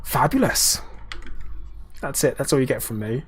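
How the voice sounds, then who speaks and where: A man's voice: medium pitch, fast talker, darkish tone, a little hiss or hum. A British man streaming a game, chatting casually with viewers in a rambling way with lots of ums and restarts.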